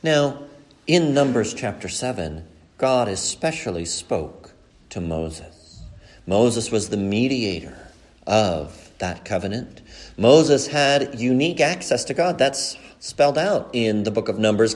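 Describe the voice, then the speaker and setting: A male pastor preaching a sermon earnestly, climbing to emphatic peaks and dropping low and slow for key points. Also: animated, darkish tone.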